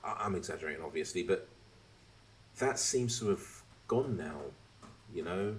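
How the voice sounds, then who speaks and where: A man hosting a podcast, chatting casually and ranting with animated asides and swearing. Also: low-pitched, normal speed, a little hiss or hum. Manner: animated, swearing, mimics others mid-rant. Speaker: podcast host. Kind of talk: casual chat.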